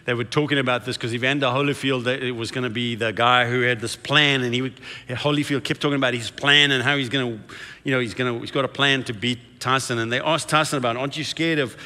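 A man preaching a sermon, telling the story with shifts between hushed and excited delivery. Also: medium pitch, quick pace. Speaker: pastor. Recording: echoey hall reverb.

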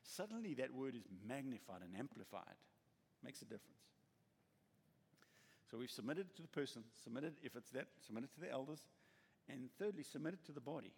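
Husky, animated preacher in an echoey hall. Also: male voice, medium pitch, fairly quick. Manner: animated storytelling, acts out quoted voices. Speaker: pastor. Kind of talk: sermon. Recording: echoey hall with long reverb.

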